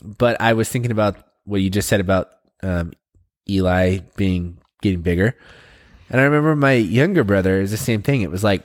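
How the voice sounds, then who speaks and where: A man in his thirties co-hosting a podcast, chatting casually and easily with quick asides. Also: on the low side. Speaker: podcast co-host. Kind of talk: casual chat.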